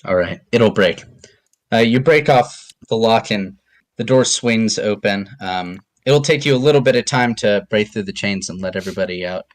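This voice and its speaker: A man narrating as game master of a tabletop game, hesitant and filling pauses with ums. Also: lowish voice.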